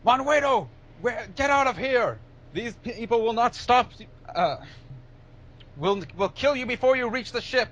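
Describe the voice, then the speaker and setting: A desperate ship captain, put on by a man running a tabletop game, yelling a warning well above his usual pitch. The voice is strained and loud, pushed high with urgency, and rough at the edges. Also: animated, moderate pace, few pauses. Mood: urgent warning.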